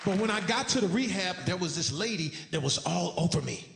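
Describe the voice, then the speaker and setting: A middle-aged man performing a stand-up routine, telling a story with animated swings into a high excited voice. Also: a little fast, creaky. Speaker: stand-up comedian. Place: large live venue. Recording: echoey hall with loud crowd. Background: audience laughter and noise.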